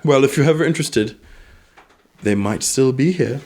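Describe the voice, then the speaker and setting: Pria memerankan penjaga toko ramuan yang licin dan sopan. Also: male voice, medium pitch, lively intonation, normal speed, dark tone, voice pushed up, close to an everyday voice. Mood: smoothly courteous. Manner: smooth, overly polite salesman patter. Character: suave, courtly male potion shopkeeper.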